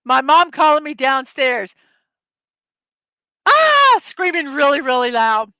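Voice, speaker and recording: A middle-aged woman with a high, slightly bright voice hosts a casual daily morning show at normal speed, reading out silly memes. She is chatty and giggly, often laughing at her own jokes, in a livestream-style chat with a dry recording.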